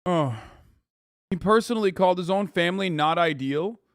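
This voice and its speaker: A man's voice: high voice, moderate pace, no room sound, clean studio sound. A man streaming, reacting to a clip with blunt, profane, combative commentary. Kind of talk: casual heated commentary.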